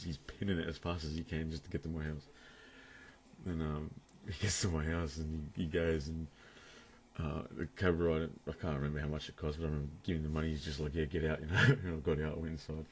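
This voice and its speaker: Deep-voiced guy, laughing through crude stories. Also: slight background noise. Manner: crude, rambling, laughs often mid-sentence. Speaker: vlogger. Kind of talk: casual storytelling to camera. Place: room at home, indoors.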